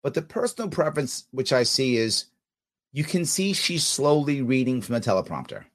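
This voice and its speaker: A man's voice: medium pitch, big pitch swings, normal speed. A man with a New York accent, hosting a podcast and giving blunt, scornful live commentary over clips of a speech. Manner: blunt, scornful, heats up as he talks.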